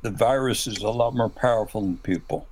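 A man on a podcast in casual chat, speaking haltingly and repeating himself. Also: on the low side, a little mellow, slight background noise, low-quality recording.

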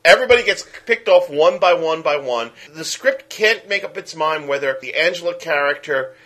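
A man with a Brooklyn accent co-hosting a podcast, casually reviewing a film in an animated, ranting way and acting out characters. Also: fairly high pitch, normal speed. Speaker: podcast co-host.

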